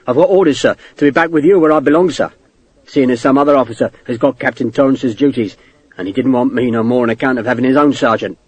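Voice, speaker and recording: Man putting on a fawning rough army sergeant. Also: medium pitch, fast, no room sound, lightly acted. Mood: fervent. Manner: servile, rough working-class grammar.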